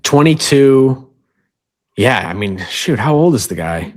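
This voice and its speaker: A man's voice: mid-range voice, very animated, measured pace, darkish tone. A man co-hosting a sports podcast in casual chat, easygoing, running through stats with side remarks. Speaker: podcast co-host.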